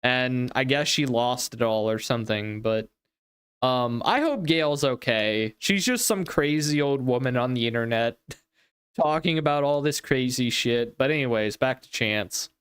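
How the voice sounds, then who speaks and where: A man's voice: mid-range voice, expressive, measured pace, fairly bright tone, clear, resonant tone. Exasperated man reacting to clips. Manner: incredulous, exasperated, laughs often. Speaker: livestream commentary host. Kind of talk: casual reaction commentary.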